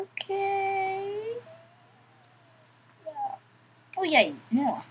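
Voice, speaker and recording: A woman's voice: medium pitch, big pitch swings, slow pace, long pauses, slight background noise, poor audio. A woman giving casual let's-play commentary, chatting to herself in a playful, giggly way. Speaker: gameplay commentator.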